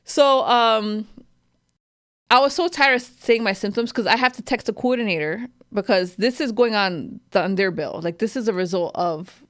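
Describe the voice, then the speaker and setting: Woman in her 30s, podcast host, candid storytelling, swears a lot, normal pitch, very dry sound. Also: normal speed, no room sound. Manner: candid and animated, swears freely, acts out other people's lines. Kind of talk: casual storytelling chat.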